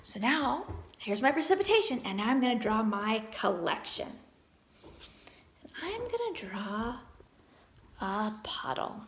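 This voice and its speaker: Woman teacher, young children's online lesson; high, very animated, encouraging. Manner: encouraging, sounds words out slowly.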